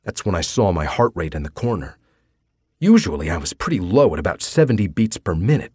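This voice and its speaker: A man's voice: fairly low pitch, a little mellow, slightly rough, dry recording, studio quality. A man narrating a first-person audiobook in a wry, casually profane manner.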